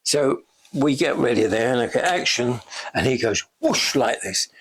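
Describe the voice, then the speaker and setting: An older man recounts backstage stories in a relaxed chat, often breaking into laughter and playing out the voices he quotes. His voice is husky and breathy, and his pitch swings widely from phrase to phrase. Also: normal speed. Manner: chatty, laughs often, acts out quoted lines. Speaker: interviewee, special effects veteran. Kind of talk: casual anecdotal storytelling. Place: shop.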